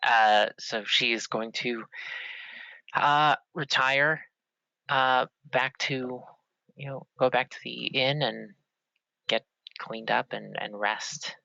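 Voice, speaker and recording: A man describing his character's actions in a tabletop game, in a halting, filler-heavy way. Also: medium pitch, fairly even intonation, vocal fry, sharp tone, dry recording, dull audio. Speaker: player.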